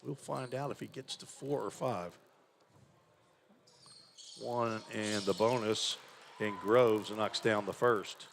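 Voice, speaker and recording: A man's voice: lowish voice, fairly even intonation, slow pace, creaky, long pauses, slight background noise. A man calling college basketball play-by-play in a conversational way, musing aloud about stats and names. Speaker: play-by-play announcer. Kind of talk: live basketball commentary.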